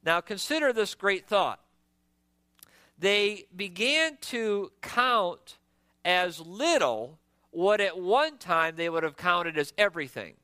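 A man's voice: high-pitched, expressive, takes it slowly, bright, forceful tone, clean tone, no room sound. A man preaching a sermon in an earnest, emphatic way, repeating words as he builds each point.

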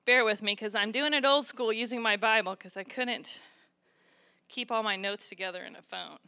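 A woman's voice: a little high, moderate pace, bright, forceful tone, clean tone. A woman giving a casual church devotional, reading scripture aloud with rising intensity. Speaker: church speaker.

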